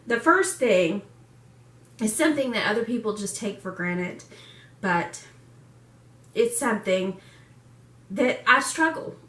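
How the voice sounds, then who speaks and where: A woman's voice: on the high side, animated, takes it slowly, long pauses, a bit bright. Candid woman in her forties, echoey room. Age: 40s. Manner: candid, emotional, laughs often. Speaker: vlogger. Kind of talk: personal vlog. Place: room in a home. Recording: echoey room, far from mic.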